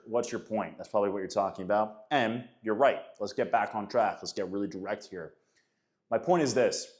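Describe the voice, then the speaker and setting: A man's voice: lowish voice, a little mellow. A man in his thirties giving an emphatic, casual motivational talk on faith and self-discipline, often calling listeners guys and man. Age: 30s. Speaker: faith and men's coach. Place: Florida.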